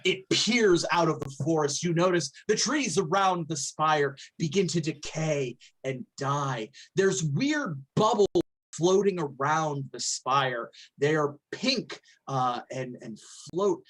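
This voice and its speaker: A woman narrating a tabletop game as game master, in a playful, deliberate way. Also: deep voice, expressive.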